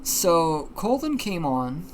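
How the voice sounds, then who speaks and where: Animated, profane livestream storyteller. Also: medium pitch, slow pace, a little hiss or hum. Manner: animated, profane, many fillers. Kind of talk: casual storytelling.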